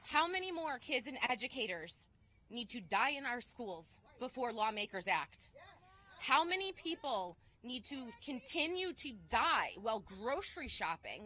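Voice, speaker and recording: A woman who lost her mother to gun violence, giving an urgent, forceful speech at an outdoor press conference. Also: on the high side, low-quality recording. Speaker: gun violence survivor and activist.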